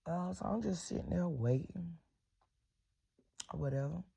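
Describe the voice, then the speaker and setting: Woman, middle-aged, raspy gravelly voice, profane, casual storytime, punchy sound-effect words. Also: lowish voice, measured pace, mellow. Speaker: vlog storyteller.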